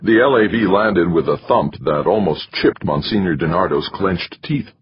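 A man narrating an audiobook in a steady, measured reading. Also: sits low, slight background noise. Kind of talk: scripted narration. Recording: dry, slightly muffled recording.

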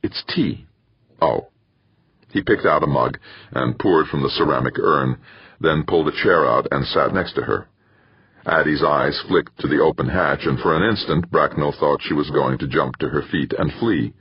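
Very deep, husky male narrator. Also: normal speed, no room sound, lo-fi sound. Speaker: audiobook narrator. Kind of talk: scripted narration.

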